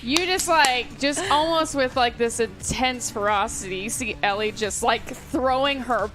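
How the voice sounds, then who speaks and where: A woman playing a tabletop game, describing her character in an animated, giggly way with many fillers. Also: fairly high pitch, a little slow, faint music behind. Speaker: player. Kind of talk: tabletop role-play chat.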